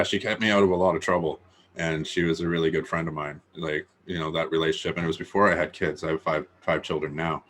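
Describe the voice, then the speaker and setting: A man in his thirties talks casually on a podcast, swearing in nearly every sentence and circling back with fillers. His voice sits very low and stays flat, with a faint hiss of noise behind it. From Canada. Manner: swears constantly, rambling with many fillers. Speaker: podcast co-host.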